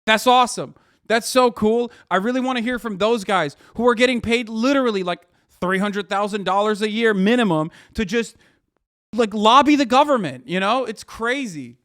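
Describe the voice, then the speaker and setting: A man in his thirties rants about politics to a live audience, sarcastic and profane, with frequent swearing. His voice sits high for a man. The sound is dry and close to the mic, with no room reverb. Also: moderate pace, fairly bright tone. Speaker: streamer reacting to news clips. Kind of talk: ranting political commentary.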